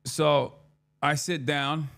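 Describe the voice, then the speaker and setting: Animated, profane man telling a story. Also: on the high side, very slow, gravelly. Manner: profane, animated, acts out his own dialogue. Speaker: streamer. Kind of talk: casual storytelling chat.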